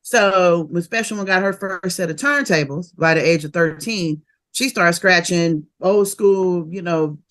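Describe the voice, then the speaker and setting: Bay lady in her 50s telling old rap stories, lively, laughs a lot. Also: lowish voice. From Oakland, California. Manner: animated and laughing, fast bursts of memories. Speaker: rapper and interview guest. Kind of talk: casual interview storytelling.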